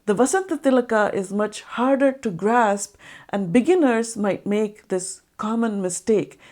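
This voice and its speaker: A woman reads a scripted music lesson, explaining things slowly and clearly and voicing rhythm patterns aloud to demonstrate them. Her voice is medium in pitch and slightly mellow.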